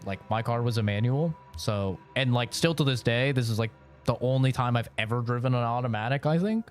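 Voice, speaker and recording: A man's voice: medium pitch, fairly quick. Young male streamer, rambling slangy storyteller, faint background music. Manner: rambling, laughing, slangy with lots of fillers. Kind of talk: casual storytelling while streaming.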